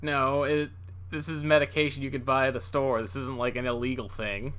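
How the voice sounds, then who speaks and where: A man chatting on a casual podcast, his voice bright and forward. He rambles, restarting sentences and padding them with fillers. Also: mid-range voice, little pitch movement, fairly quick. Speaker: podcast co-host. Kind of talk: casual chat.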